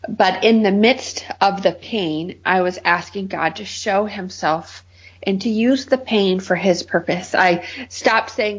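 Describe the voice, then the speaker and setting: Interview guest: middle-aged woman, husky, earnest testimony, muffled recording. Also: mid-range voice, measured pace. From Michigan. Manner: earnest, heartfelt storytelling.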